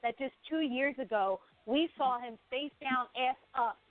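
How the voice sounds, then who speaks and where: A woman's voice: high voice, a little slow, dry recording. A woman co-hosting a boxing show, giving blunt and opinionated fight takes in casual chat. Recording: tinny phone-like sound.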